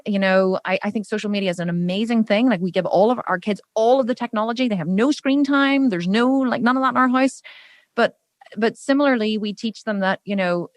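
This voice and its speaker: A woman with a Northern Irish accent hosting a podcast interview, telling stories in an animated, chatty way. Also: mid-range voice, dry recording. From Northern Ireland. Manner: animated, rapid storyteller. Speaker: podcast host. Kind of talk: casual interview chat.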